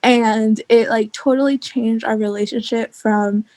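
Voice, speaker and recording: A woman's voice: on the high side, steady tone, measured pace, a little mellow, no room sound. A young woman, a physics student, sharing a story reflectively in a casual group call, with lots of "like". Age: young adult.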